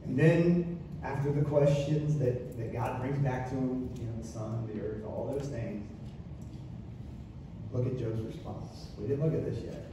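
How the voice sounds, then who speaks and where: A man's voice: mid-range voice, fairly even intonation, a little slow, mellow, slight background noise. A man preaching a sermon as pastor, with impassioned, repetitive delivery. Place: church sanctuary. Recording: echoey room from far off.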